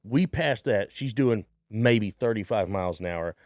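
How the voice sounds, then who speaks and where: A man's voice: on the low side, measured pace, no room sound, studio quality. A man telling a story in casual podcast chat, acting out the people in it and swearing freely. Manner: animated storyteller, acts out voices, swears freely. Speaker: stand-up comedian guest.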